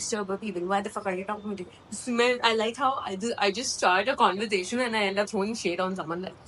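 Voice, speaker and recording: A woman's voice: medium pitch, fairly bright tone, slight background noise, poor audio. A woman of about twenty, chatting candidly and rambling to her phone camera in a casual vlog, with plenty of swearing. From India. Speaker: vlogger.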